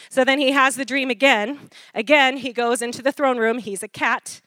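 Animated woman preaching with call-and-response. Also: a little high, normal speed, no room sound. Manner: animated, laughing often, call-and-response with congregation. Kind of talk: sermon.

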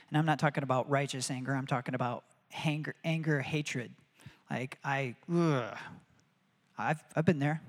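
A man's voice: medium pitch, long reverb tail. A man preaching a sermon in an earnest, conversational way, with prayers spoken aloud.

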